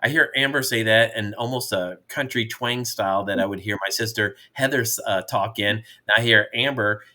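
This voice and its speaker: A middle-aged father co-hosts a podcast with his daughter, his voice fairly low and sharp-toned at a moderate pace. He spins jovial, wandering stories in their casual chat, often restarting his sentences.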